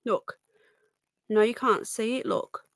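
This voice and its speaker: A woman's voice: on the high side, steady tone, slow, dry recording, clean studio sound. A woman hosting a live stream, chatting and rambling as she greets viewers and often breaks off mid-sentence. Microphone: close desk microphone.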